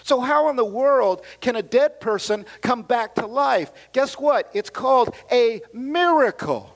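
A middle-aged man preaching a sermon, animated, with casual slang and shouts of hallelujah, swinging between loud passages and quiet asides. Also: very high voice, measured pace. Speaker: pastor.

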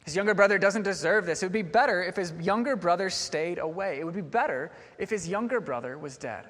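A man with a high voice delivers a sermon in an earnest, questioning manner. His words echo with a long reverb through a church sanctuary. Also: lively intonation, brisk, fairly bright tone. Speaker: preacher.

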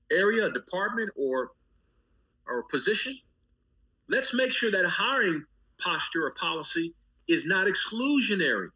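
A pastor appears as an interview guest, talking with impassioned fervor in a preacher's rhythmic cadence, repeating phrases and building long lists. His voice sits high with a sharp tone, and the sound is lo-fi.

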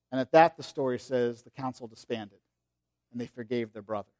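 A man preaching a sermon in a conversational way, often restarting his sentences and swinging between loud, stressed phrases and quiet, low ones. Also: fairly quick. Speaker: pastor.

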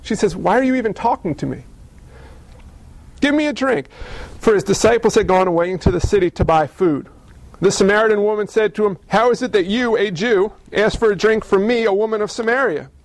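A man's voice: high voice, quick pace, no echo. A man preaching a sermon, with rhetorical questions and jokes. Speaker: pastor.

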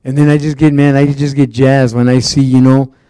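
A man's voice: mid-range voice, flat delivery, a little fast, warm tone, smooth, no echo. A man preaching a casual, conversational sermon, rambling through stories with plenty of "you know"s and restarts. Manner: loose storytelling with many fillers and restarts.

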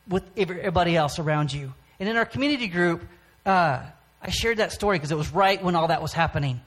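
A man giving a personal testimony from the front of a church, speaking in a halting way with frequent pauses and restarts. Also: fairly high pitch, a bit bright.

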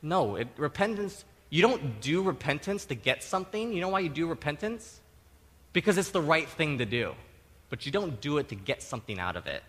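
Lively, bright-voiced male pastor in a reverberant hall. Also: fairly high pitch, fairly quick. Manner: animated, acts out quotes with sudden loud outbursts; conversational, many tag questions. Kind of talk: sermon.

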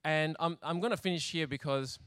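A man's voice: on the high side, a little fast, a bit bright, clear, resonant tone, dry recording, studio quality. A man giving a sermon in a chatty, humorous storytelling way, laughing often and acting out little scenes. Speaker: preacher.

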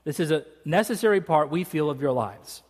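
A man's voice: on the high side, lively intonation, fairly quick. A man preaching a sermon as a pastor, in a joking, conversational storytelling way, in a church sanctuary. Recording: reverberant church hall.

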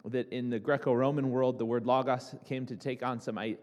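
A man's voice: medium pitch, level tone, brisk, a little mellow. A young man preaching a sermon to a congregation, talking casually with restarts and asides. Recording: reverberant hall.

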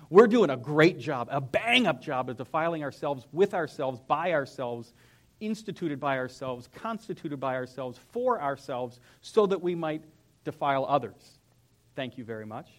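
A young man, a pastor, preaching a sermon in a church in an animated, conversational way. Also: fairly high pitch, unhurried. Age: young adult. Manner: animated, conversational, acts out whiny voices. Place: church sanctuary.

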